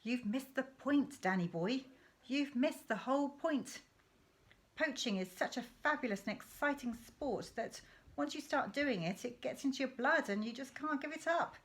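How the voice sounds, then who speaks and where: A woman's voice: high-pitched, expressive, normal speed, fairly bright tone, pitched above the performer's own voice. A woman reading aloud voices a boastful, mischievous father who relishes telling his son tall tales about poaching. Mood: conspiratorial.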